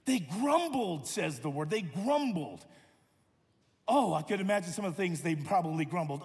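A man with a high-pitched voice preaches a sermon, his delivery swinging between loud, pressing emphasis and hushed, low stretches. His words ring out with a long reverb through a large church sanctuary. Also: expressive, moderate pace.

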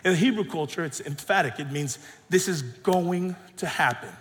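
A middle-aged male pastor preaching a sermon with emphatic, dynamic delivery that swings between soft drops and loud rises. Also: on the high side, normal speed. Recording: long hall reverb.

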